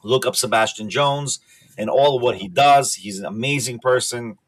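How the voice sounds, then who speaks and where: A man's voice: medium pitch, moderate pace. Tired, upbeat male podcast host. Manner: enthusiastic, rambling, promotional. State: tired, overworked. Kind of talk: casual podcast chat.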